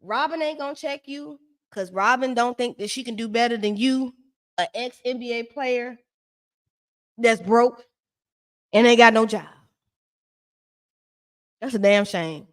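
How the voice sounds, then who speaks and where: Recapping a reality show live for her stream, a woman speaks in an unhurried way with long pauses, her high voice staying lively throughout. Her loose, chatty take is sassy and shady, full of rants aimed at the people on screen.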